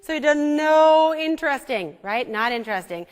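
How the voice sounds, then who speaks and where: A woman's voice: high voice, lively intonation, normal speed. A woman teaching music to an audience, coaxing them along and checking in often. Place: church hall. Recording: echoey hall, imperfect sound.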